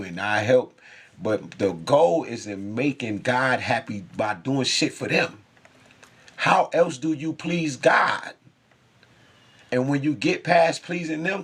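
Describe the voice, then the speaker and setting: A man's voice: lowish voice, vocal fry, slightly rough. A man speaking in an intense, profane, rambling spiritual monologue, laughing often.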